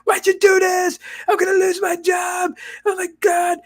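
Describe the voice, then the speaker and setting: A man's voice: very high voice, monotone, unhurried, shouting, pitched above the performer's own voice. A man voicing a panicking male phone scammer who shrieks and blames the caller in a frantic, whiny voice. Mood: panicked shouting.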